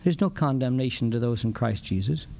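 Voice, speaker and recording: A man preaching a conversational sermon in a folksy, animated way, acting out dialogues and chuckling often. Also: medium pitch, brisk, creaky, a little hiss or hum.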